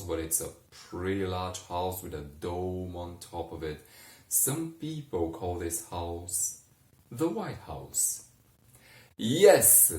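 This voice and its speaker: A man narrating a bedtime sleep story in a soft, meandering way, often correcting himself as he goes, recorded in a roomy space from a distance. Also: low-pitched.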